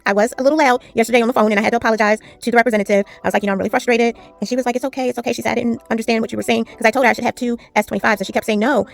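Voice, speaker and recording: A woman chatting casually while she strings beads, telling a long story with lively retellings. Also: a little high, creaky. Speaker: jewelry-making vlogger. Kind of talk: casual chat while beading.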